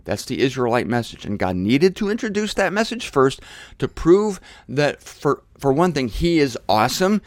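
A man's voice: mid-range voice, sing-song, moderate pace, no room sound. Emphatic man preaching with blunt repetition. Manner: forceful, repeats phrases for emphasis, blunt and provocative. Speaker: host of a daily Bible teaching show. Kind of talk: emphatic Bible teaching monologue.

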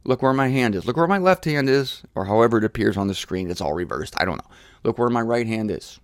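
A man hosting a Bible teaching show, preaching forcefully and repeating phrases for emphasis in a blunt, provocative way. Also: medium pitch, lively intonation, quick pace, no echo, studio quality.

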